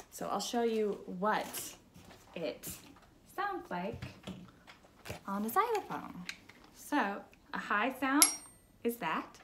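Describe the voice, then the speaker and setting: A young woman teacher giving a slow, patient music lesson to children, asking them simple questions. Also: mid-range voice, very animated, noisy background.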